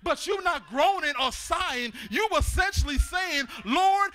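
A male preacher delivers a sermon in church with a strikingly high, bright, sharp voice. He builds to shouted exhortation, then drops to a hushed reading of scripture. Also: lively intonation, a little slow.

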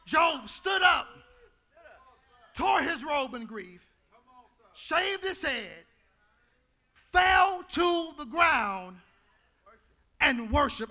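A male pastor preaching a sermon in a church, his delivery building into shouted, half-sung lines. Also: very high voice, sing-song, extremely slow, creaky, pauses often.

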